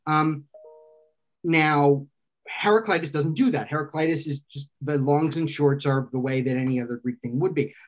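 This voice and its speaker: A man's voice: a little high, normal speed. Man explaining aloud, full of restarts. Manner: lecturing, thinks aloud with frequent restarts and self-corrections. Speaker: guest expert explaining philosophy. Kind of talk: conversational explanation.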